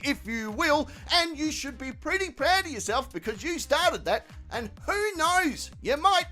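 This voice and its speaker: High-voiced, foul-mouthed Australian man. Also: a bit bright. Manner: crude, mocking, constant swearing. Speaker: commentary channel host. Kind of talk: profane comedic commentary.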